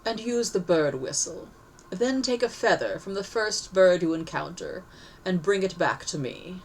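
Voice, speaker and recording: A strange three-eyed toy maker drawls in a slow, syrupy voice, pulling each word long. A woman acts her out in a storybook reading, dropping a shade lower than her natural tone. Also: lively intonation, a little hiss or hum, rough recording. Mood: instructing. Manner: slow drawl, dragging words out.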